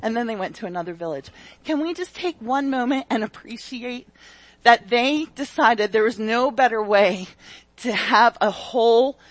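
Animated woman preacher, rather high voice. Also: normal speed, no room sound. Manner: animated, shifts from loud exclamations to soft scripture reading; conversational, addresses listeners directly. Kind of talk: sermon.

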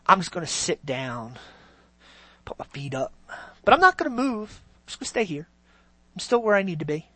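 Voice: big pitch swings, moderate pace, pauses often, no room sound. A preacher acting out a weary, slumped churchgoer. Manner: sagging, low and quiet. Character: weary churchgoer who sits down but stays put.

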